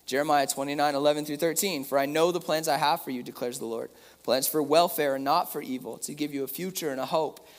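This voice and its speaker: A man's voice: fairly high pitch, fairly even intonation, fast talker, in a large hall. A young man preaching a sermon in a casual, talky way, reading scripture passages aloud with emphasis.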